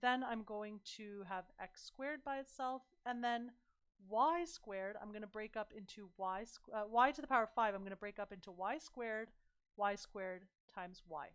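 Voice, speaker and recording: A young woman tutoring math on a livestream, chatty and encouraging, her voice slightly hoarse. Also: medium pitch, moderate pace. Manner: chatty, encouraging, addresses viewers as "you guys".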